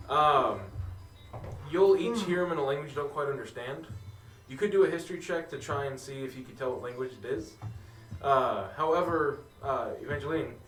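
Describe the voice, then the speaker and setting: A man running a tabletop game as game master, narrating in a relaxed way with many "uh" and "so" fillers. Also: medium pitch. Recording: roomy, distant mic, faint music.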